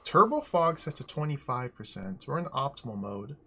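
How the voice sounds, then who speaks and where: A man streaming a game live, talking through it aloud in an excitable, joking way. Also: mid-range voice, normal speed, vocal fry, a little hiss or hum. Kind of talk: casual live gameplay commentary.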